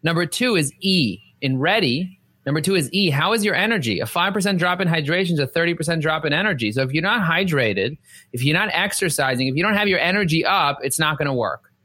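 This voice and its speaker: A man coaches on a podcast in a bright, somewhat high voice. He hammers each point with emphatic repetition, preaching motivation. The sound is close and dry. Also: lively intonation, fast, breathy edge, dry recording. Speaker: podcast host and sales coach. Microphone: podcast microphone.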